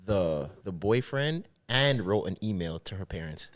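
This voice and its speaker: A man in his late twenties co-hosts a podcast in casual chat. His pitch swings around a lot as he jokes. He tells his stories with a lively, animated delivery. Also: unhurried, over a noisy crowd. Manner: joking, lively storyteller.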